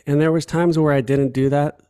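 Earnest chicago guy opening up on a podcast, mellow warm voice. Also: on the high side, fairly even intonation, brisk, clear, resonant tone. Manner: earnest, heartfelt, repeats himself. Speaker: podcast guest. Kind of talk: candid conversation.

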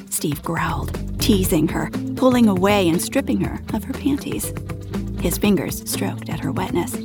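A woman narrating an erotic audio story in a soft, intimate voice that often drops to a half-whisper. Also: mid-range voice, moderate pace, gravelly, music in the background.

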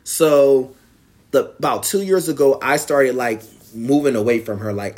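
A man's voice: medium pitch, unhurried. Man venting in a rambling storytime. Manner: rambling, frequent "you know" fillers, grows heated. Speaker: vlogger. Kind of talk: casual storytime to camera.

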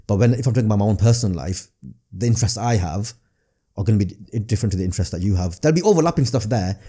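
Fast-talking Northern English man, dark tone. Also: on the low side, expressive, slightly rough. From Northern England. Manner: rapid, repeats words when restarting. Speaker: comedian guest. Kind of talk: casual podcast chat.

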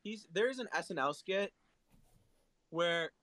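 A man's voice: high voice, expressive, takes it slowly, sharp tone, no room sound, rough recording. A young man co-hosting a casual podcast chat, joking, teasing and rambling. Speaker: podcast co-host.

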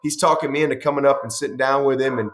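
A middle-aged man, a head football coach, telling long animated stories in a conversational interview, restarting sentences and acting out quoted dialogue. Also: mid-range voice, racing, slight background noise.

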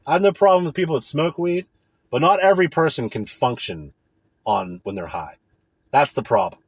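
A man's voice: on the high side, lively intonation, moderate pace, slightly rough, no room sound. A man in a casual, profane, indignant rant. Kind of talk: casual ranting monologue.

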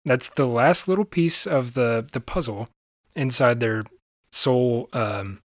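A man hosting a podcast in laid-back conversation, thoughtful and quick to laugh. The recording is dry and close, with no room sound. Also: mid-range voice, dry recording. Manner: relaxed, thoughtful, laughs often. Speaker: podcast co-host. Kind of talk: casual chat.

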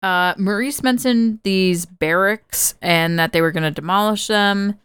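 A woman's voice: mid-range voice, measured pace, fairly bright tone, clear, resonant tone, no echo. A woman co-hosting a podcast, casually recapping a film from her notes, chatty, laughing often and swearing freely. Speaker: podcast co-host. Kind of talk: casual movie recap chat.

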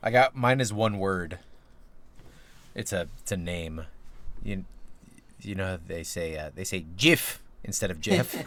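Casting: hesitant male podcast co-host, lowish voice, light room noise. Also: measured pace, long pauses. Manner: hesitant, trails off, quiet asides. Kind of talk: casual chat.

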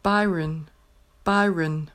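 A woman teaching pronunciation, slowly reading a numbered word list and saying each word twice with careful clarity. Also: fairly low pitch, steady tone, a bit bright. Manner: says each word twice, clearly and deliberately. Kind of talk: slow dictation of a word list.

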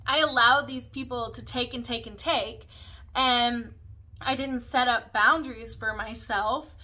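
A woman's voice: fairly high pitch, steady tone, a little slow, pushed and bright, low-quality recording. A woman in her thirties hosting a podcast, talking candidly and a little ramblingly about her own life. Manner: candid, rambling, self-reflective. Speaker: podcast host. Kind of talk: casual personal monologue.

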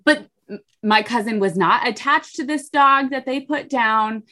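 A woman's voice: fairly high pitch, unhurried, pushed and bright. Young woman telling gossipy stories. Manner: gossipy storytelling, acts out quoted voices. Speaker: podcast co-host. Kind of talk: casual chat.

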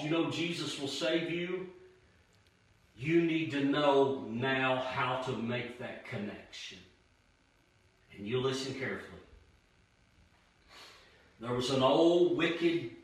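Man preaching with a drawl, big dramatic pauses, very echoey and distant from the mic. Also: medium pitch. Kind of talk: sermon. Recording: very echoey room, voice far from mic.

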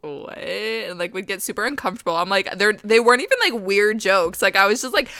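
Bright, chatty woman co-host. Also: mid-range voice, animated, brisk, no echo, clean studio sound. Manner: chatty, self-deprecating humor. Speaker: podcast co-host. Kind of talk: casual chat.

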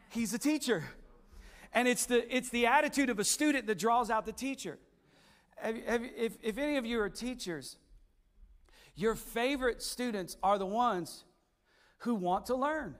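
A male pastor, preaching a sermon that swells into shouted build-ups and drops to quiet asides. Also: sits high.

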